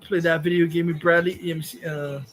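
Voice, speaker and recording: Casting: high, bright male streamer, crude rambling rant, frequent laughs. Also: flat delivery, a little fast, a little hiss or hum. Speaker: streamer host. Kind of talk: casual livestream rant.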